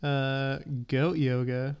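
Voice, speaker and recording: A man co-hosting a comedy podcast in casual chat, talking in a hesitant, halting way. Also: medium pitch, little pitch movement, a little mellow, smooth. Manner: hesitant, halting, with many ums and restarts. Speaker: podcast co-host.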